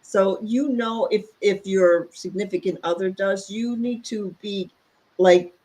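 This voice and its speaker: Middle-aged woman, podcast co-host; candid, animated storyteller, pitch jumps when she gets riled. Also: unhurried. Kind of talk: candid casual chat.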